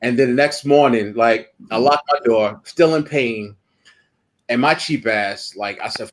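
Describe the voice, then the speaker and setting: Profane, animated New man telling stories. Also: mid-range voice, moderate pace, low-quality recording. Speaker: guest wrestler. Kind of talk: shoot interview storytelling.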